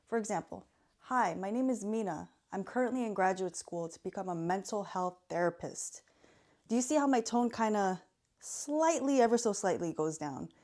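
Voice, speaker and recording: A young woman, a student of mental health, giving earnest self-help advice to camera in a calm, measured way. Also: medium pitch.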